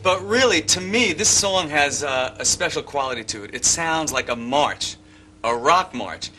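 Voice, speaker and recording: An older man teaching drum parts step by step, explaining calmly and humming bass lines as he goes. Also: normal speed, a little hiss or hum. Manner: methodical, hums bass lines as syllables. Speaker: drum instructor. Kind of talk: instructional explanation with count-ins.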